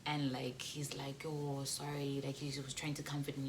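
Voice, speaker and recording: A young South African woman telling a storytime vlog, animated and laughing, slipping between English and local slang. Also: rumbling low, moderate pace, noisy background. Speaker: YouTuber.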